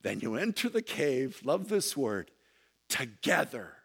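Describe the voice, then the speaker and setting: A man preaching a sermon, moving from low, intense delivery to loud impassioned emphasis. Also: sing-song, takes it slowly, vocal fry, slightly rough. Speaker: pastor.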